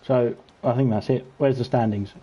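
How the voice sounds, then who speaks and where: A man's voice: medium pitch, moderate pace, breathy edge, dull audio. Chatty British man hosting a race stream. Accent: British English. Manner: chatty, teasing, lively when racing action picks up. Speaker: league race host and commentator. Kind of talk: casual sim-racing stream commentary. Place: home gaming setup.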